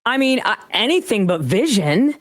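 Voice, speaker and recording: A middle-aged woman co-hosting a casual chat, joking and tossing off quick asides. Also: medium pitch, big pitch swings, dry recording, clean studio sound. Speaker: co-host.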